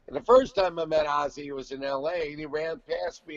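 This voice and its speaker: A man in his sixties, a guest singer, telling profane, animated stories in casual chat. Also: a little high, fairly quick, vocal fry, few pauses, muffled recording.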